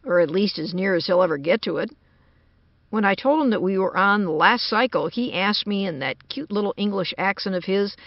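A woman narrator with a medium, everyday-sounding voice and no echo voices an anxious man, a worried American computer engineer, who speaks with urgent unease. The storybook recording sounds dry and dull, like an old lo-fi tape.

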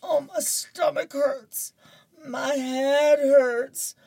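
A woman voicing a whiny boy who fakes aches to get out of a chore, in a high, drawn-out voice. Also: fairly even intonation, creaky, darkish tone, recorded from a distance, full character voice. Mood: whining.

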